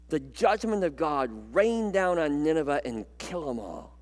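A male pastor preaching a sermon in an animated way, repeating words and pausing for effect. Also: a little high, big-room sound.

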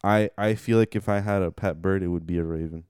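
Deep-voiced young man, casual slangy chat. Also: steady tone, fast, a little mellow, clear, resonant tone, no room sound, studio quality. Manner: laid-back slangy talk with restarts.

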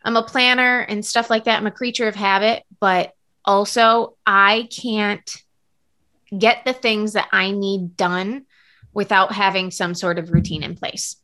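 A woman's voice: mid-range voice, fairly even intonation, unhurried, bright, forceful tone. A woman co-hosting a podcast, chatting earnestly and casually with lots of fillers. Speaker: podcast co-host. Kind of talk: casual chat.

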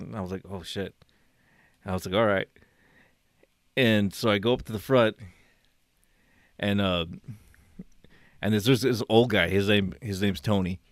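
Brief: man in his 40s, lowish voice, dry close sound, casual swearing storyteller. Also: dry recording. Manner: profane, laughing, acts out quoted people.

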